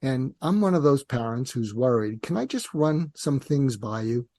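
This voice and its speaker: An older man, a psychiatrist guest, explaining calmly and in a measured way in an interview, sometimes acting out dialogue. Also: mid-range voice, no echo. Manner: calm, measured, acts out parent and teen dialogue.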